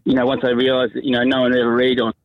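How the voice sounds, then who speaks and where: A man's voice: medium pitch, completely flat delivery, racing, dry recording, muffled recording. A man with an Australian accent calling a radio show, telling a story hesitantly with many fillers. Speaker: caller. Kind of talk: phone-in anecdote.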